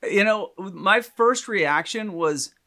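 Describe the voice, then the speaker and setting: A man in casual podcast conversation, telling an animated, rambling story with lots of restarts. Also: high voice, slow.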